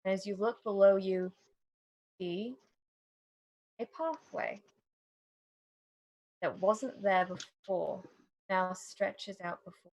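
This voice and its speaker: A woman narrating a tabletop game in a measured, dramatic way. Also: medium pitch, a little mellow, dry recording, rough recording. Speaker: game master.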